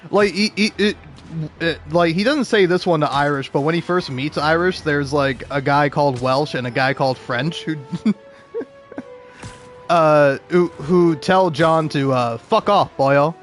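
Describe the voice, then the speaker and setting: Young guy kinda higher voice rambling about games, laughs a lot, quiet music behind. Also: a little slow. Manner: rambling, laughs often, many fillers. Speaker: video game commentator. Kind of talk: casual rambling commentary.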